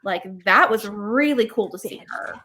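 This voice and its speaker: Casting: woman, podcast co-host, chatty and casual, quick to laugh. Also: medium pitch, expressive, bright, forceful tone. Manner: chatty, restarts sentences, laughs easily. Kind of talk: casual chat.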